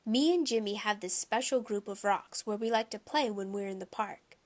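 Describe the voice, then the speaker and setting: A woman reading a children's novel aloud in a plain, steady storytelling manner. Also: mid-range voice, normal speed. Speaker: audiobook reader.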